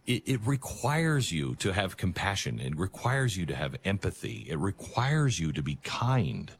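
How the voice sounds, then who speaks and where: A male talk show host giving an earnest, emphatic monologue with halting restarts. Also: deep voice, very animated, a little hiss or hum.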